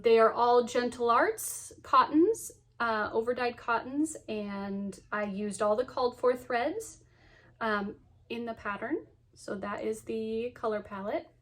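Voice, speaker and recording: A woman in her thirties chatting casually to camera about her cross stitch, cheerful and full of ums and laughs. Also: on the high side. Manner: chatty, lots of ums and so yeahs.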